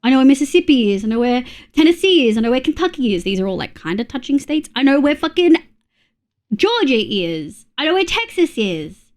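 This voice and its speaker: A young woman from Australia, streaming a game and chatting with her viewers in a loose, casual way. Her voice sits a little high for a woman, and she swears freely and yelps at sudden scares. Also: big pitch swings, brisk. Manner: chatty, swears often, reacts loudly to jump scares. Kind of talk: casual gaming livestream chat.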